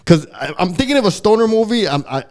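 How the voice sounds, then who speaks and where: Rambling, animated male podcast co-host. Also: high-pitched, fast. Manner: rambling, animated, swears freely. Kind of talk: casual chat.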